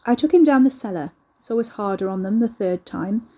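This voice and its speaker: A woman voicing a gentle but stern old grandmother who talks in a level, scolding tone. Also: medium pitch, animated, a little fast, lightly acted. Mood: gently stern.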